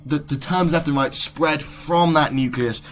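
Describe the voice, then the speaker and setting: A young man hosting an educational podcast, explaining history in a relaxed way, often correcting himself mid-sentence. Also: fairly high pitch, measured pace, a little hiss or hum. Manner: casual, self-correcting, restarts sentences. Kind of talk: explainer talk.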